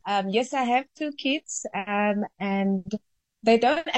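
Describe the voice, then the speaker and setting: A woman's voice: medium pitch, slow, no echo. A woman, a linguistics academic, explaining things in a friendly way as a radio guest. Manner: friendly, explanatory, laughs easily. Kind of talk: radio interview.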